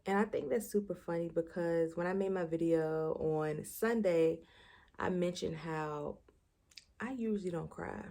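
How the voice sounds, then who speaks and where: A woman's voice: low-pitched, mellow. A young woman chatting casually to her camera before bed, reflective and emotional, often searching for words. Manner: reflective, searching for words, many fillers and restarts; emotional, near tears at times. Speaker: vlogger. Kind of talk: casual late-night vlog chat. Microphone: camera mic.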